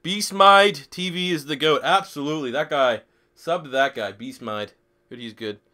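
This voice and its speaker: A man's voice: on the high side, normal speed, bright, forceful tone. A young man live streaming a football video game, swearing freely, joking and reading chat questions aloud. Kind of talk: casual live stream commentary.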